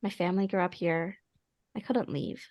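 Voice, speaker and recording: A woman playing a reclusive young woman who confides gently and reluctantly in a tabletop game. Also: fairly low pitch, normal speed, no echo, studio quality, lightly acted. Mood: confiding. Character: reclusive young woman Claire, a social media poster.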